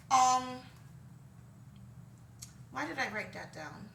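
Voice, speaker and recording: A woman speaks at normal speed in a high-leaning, animated voice that's bright and forceful, over slight background noise. Her home vlog, laundry behind her, is a casual, rambling opinion monologue dotted with ums and quick laughs at herself, captured roomy and far from the mic.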